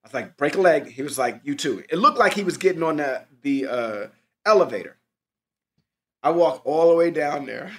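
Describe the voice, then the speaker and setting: A man's voice: a little high, lively intonation, normal speed. A man telling casual anecdotes about auditions, loose and profane, acting out quoted lines. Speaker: actor, podcast guest. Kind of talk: casual storytelling chat.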